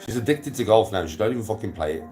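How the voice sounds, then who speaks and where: A man's voice: fairly low pitch, animated, very fast, darkish tone, soft background music. A man streaming casually, rambling and swearing, laughing often as he retells conversations. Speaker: golf streamer. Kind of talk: casual live stream chat.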